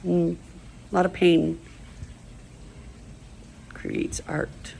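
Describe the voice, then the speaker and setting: A woman's voice: sits low, a little slow, creaky, a little hiss or hum, poor audio. A middle-aged woman rambling emotionally in a personal video monologue. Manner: rambling, emotional, stream-of-consciousness. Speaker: vlogger.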